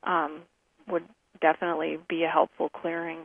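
A woman with a husky, slightly low voice co-hosts a casual talk show, often pausing and restarting her thoughts. The sound is dry and narrow, like a phone line. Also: flat delivery, no echo. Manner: hesitant, many ums and restarts. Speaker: co-host.

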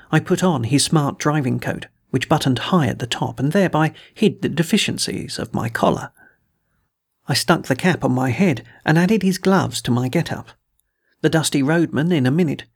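A man reading a first-person adventure story aloud in a measured, dramatic way, giving the dialogue some voice. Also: fairly high pitch, vocal fry, breathy edge. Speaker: audiobook reader.

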